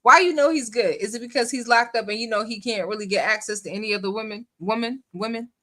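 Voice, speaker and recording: A woman's voice: fairly high pitch, steady tone, fast talker, a bit bright. A woman hosting a livestream, giving sassy, colloquial commentary on a phone call and laughing often as she mocks it. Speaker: livestream host.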